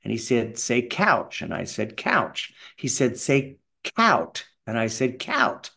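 A middle-aged Canadian man telling animated stories in an interview, acting out the people in them. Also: mid-range voice, unhurried, creaky. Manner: animated, does voices of people in his stories. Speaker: voice actor guest. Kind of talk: anecdotal interview storytelling.

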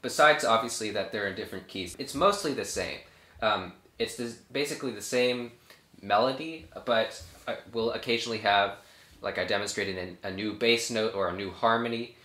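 A young man, a cellist, explaining a piece in a relaxed, casual way with frequent fillers. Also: lowish voice, moderate pace. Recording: echoey room with cello playing.

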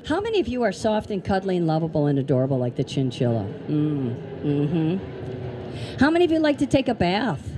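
A woman's voice: lowish voice, huge pitch swings, moderate pace, music in the background. A woman presenting animals at a live children's show, chatty and playful, asking the kids lots of questions. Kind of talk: live educational talk to kids. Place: outdoor amphitheater.

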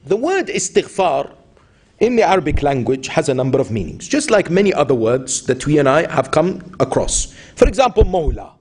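A man's voice: a little high, big pitch swings, moderate pace, a little mellow, husky. A man giving a sermon as a sheikh, telling stories with voiced quotes and asking the audience rhetorical questions. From Iran. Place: mosque hall.

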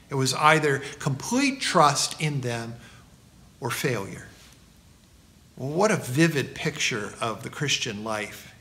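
A middle-aged man, a pastor, preaching a sermon and telling stories with a lively delivery. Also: medium pitch.

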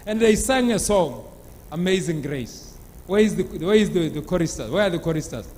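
A male pastor telling a sermon story with dramatic, animated delivery. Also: a little high, normal speed, long reverb tail, a little hiss or hum. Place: church.

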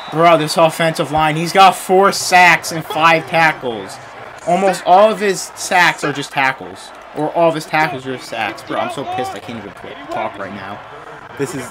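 A young man giving live commentary while playing a football video game, ranting in frustration, swinging between low mutters and loud outbursts. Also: big pitch swings, moderate pace, a crowd in the background. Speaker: gaming YouTuber.

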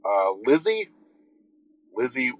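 A male caller from north of Boston, gushing with fan enthusiasm. His pitch swings up and down a great deal as he talks, bouncing between excitement and mock outrage. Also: slow, poor audio. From Massachusetts, north of Boston. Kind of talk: recorded listener message.

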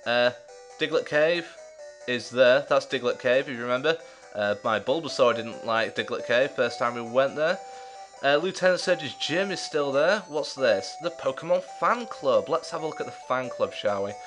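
A man's voice: mid-range voice, animated, moderate pace, over music. A man hosting a let's play, giving casual gameplay commentary with chatty, jokey, self-mocking asides.

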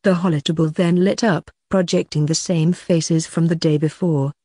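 Steady audiobook narrator, mid voice, dry booth sound. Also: mid-range voice, normal speed, no echo. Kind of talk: scripted narration.

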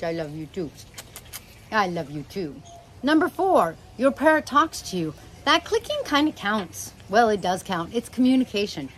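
A woman's voice: mid-range voice, fairly bright tone, slight background noise, rough recording. Rambling woman chatting about her parrots. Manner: affectionate, rambling, talks to her birds mid-sentence. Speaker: parrot owner and channel host. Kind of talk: casual chat to camera. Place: home with parrots.

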